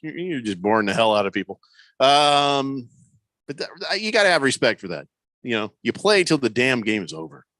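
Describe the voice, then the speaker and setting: A man's voice: mid-range voice, a bit bright, dry recording. A man hosting a sports radio show, chatting casually, joking and reading out listener texts. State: losing his voice. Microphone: studio microphone.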